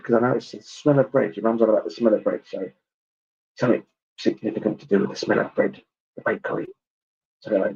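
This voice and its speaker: A man giving a clairvoyant reading at a church service, chatty and halting, with many ums and asides. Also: mid-range voice, creaky, warm tone, breathy edge, highs cut off. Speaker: spiritualist medium.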